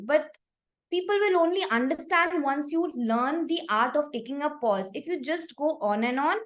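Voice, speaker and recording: A young woman with a high voice gives warm, encouraging feedback at a speaking club meeting. She praises each speaker in turn and offers a gentle suggestion to each. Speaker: table topics evaluator.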